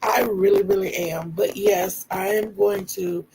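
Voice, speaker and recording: Gravelly-voiced woman telling stories. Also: medium pitch, very animated, measured pace, noisy background. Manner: warm storyteller, laughs often, talks to viewers as y'all. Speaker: livestream host. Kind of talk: casual storytelling chat.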